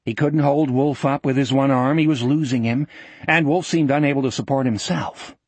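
A man narrating an audiobook in a measured, vivid storytelling manner. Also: mid-range voice, fairly even intonation, breathy edge, no room sound.

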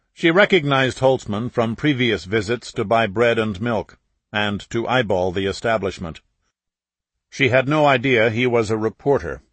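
A male audiobook narrator reads a novel in a measured, even way. His voice is on the low side, and the recording is close and dry. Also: dry recording. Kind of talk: scripted narration.

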